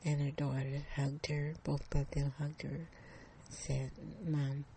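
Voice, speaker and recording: A woman narrating a story in a hushed, suspenseful way. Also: deep voice, little pitch movement, unhurried, creaky, a little hiss or hum.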